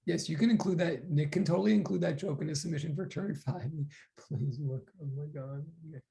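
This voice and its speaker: Teaching a physics class online, a man talks casually and animatedly, often reading the class chat aloud and reacting to it. His voice is on the high side and gravelly, and he speaks a little fast.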